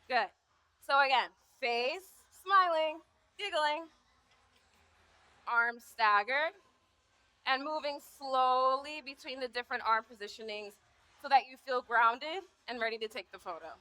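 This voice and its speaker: Bright, high-voiced woman coaching on stage. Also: measured pace, long pauses, smooth. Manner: upbeat, encouraging, hypes up volunteers. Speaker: posing coach. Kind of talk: live stage workshop. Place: stage before a live audience. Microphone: handheld mic.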